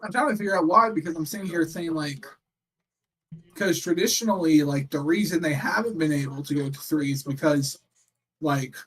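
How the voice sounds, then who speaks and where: A man's voice: fairly high pitch, slightly rough. A man co-hosting a casual wrestling watch-along chat, rambling and packing his talk with fillers. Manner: rambling, filler-heavy, chatty. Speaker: co-host.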